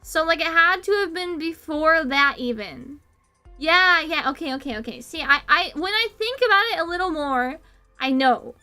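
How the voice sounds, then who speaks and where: High, bright giggly streamer woman. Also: lively intonation, normal speed, soft background music. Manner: rambling, giggly and self-deprecating, swears casually. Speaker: VTuber streamer. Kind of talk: casual chat stream.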